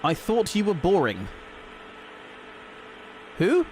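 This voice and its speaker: A man's voice: sits high, huge pitch swings, slow, darkish tone, slight background noise. Giggly man chatting on stream. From Britain. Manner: giggly, rambling, reacting to chat. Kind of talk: casual live-stream chat.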